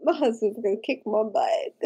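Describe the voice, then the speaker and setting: Woman, drunk, live-stream host, higher voice, swooping pitch, giggly rambling. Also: mellow, low-quality recording. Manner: rambling, giggly, reacting to viewer comments. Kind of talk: casual live-stream chat.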